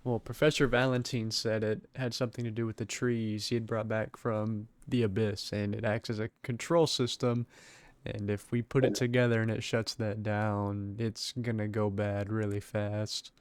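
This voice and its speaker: A man speaking as a player in a tabletop game, earnest and halting. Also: on the low side, level tone, smooth, no room sound. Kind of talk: in-character tabletop play.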